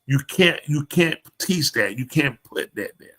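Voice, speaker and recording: A man's voice: on the high side, expressive, a little slow, pushed and bright. A man hosting a live podcast show, ranting bluntly and opinionatedly in casual chat and addressing the people around him. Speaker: podcast host.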